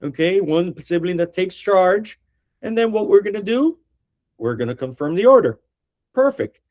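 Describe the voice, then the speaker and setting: A man's voice: high voice, animated, moderate pace, a little mellow. A middle-aged man, an attorney, teaching a training class for real estate agents in a direct way, often checking in with the class.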